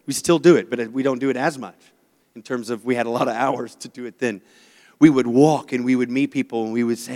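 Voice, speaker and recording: A man preaching a sermon as pastor, telling stories with animated voices for the people he quotes. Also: mid-range voice, fairly quick, long reverb tail.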